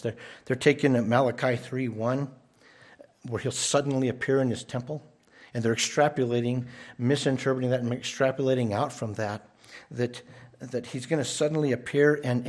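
Male pastor, mid-range voice, earnest sermon delivery with repeats and emphatic rises. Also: darkish tone. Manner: earnest, repeats words when restarting, rises in pitch for emphasis. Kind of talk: expository sermon.

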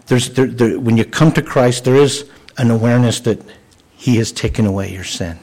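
A man's voice: mid-range voice, normal speed, darkish tone, low-quality recording. Earnest preaching man. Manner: earnest, conversational preaching with frequent restarts. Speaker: pastor. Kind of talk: sermon.

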